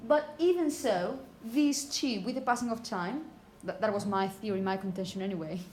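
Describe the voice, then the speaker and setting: A woman teaching a pronunciation class, calling on students and asking "okay?" often, and repeating words slowly. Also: mid-range voice, darkish tone, slight background noise. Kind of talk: classroom phonetics lesson.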